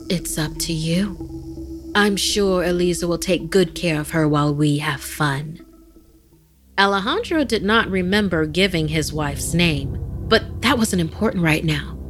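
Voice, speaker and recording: A woman narrating a horror story podcast as its host, in a measured, dramatic storytelling voice. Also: on the low side, fairly bright tone.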